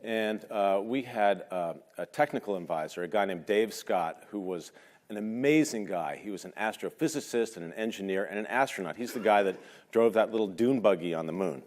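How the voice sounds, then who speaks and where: Low-voiced man in an echoing hall. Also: brisk, a little mellow. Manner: conversational, hesitant with fillers, self-deprecating humor. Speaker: speaker at a talk. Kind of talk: personal storytelling talk. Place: large lecture hall. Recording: long hall reverb.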